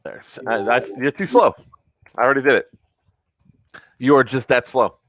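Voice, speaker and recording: A man's voice: medium pitch, animated, normal speed, fairly bright tone, a little hiss or hum. A man co-hosting a podcast, chatting casually, teasing his co-host and rambling with fillers. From Florida, US. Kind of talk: casual chat.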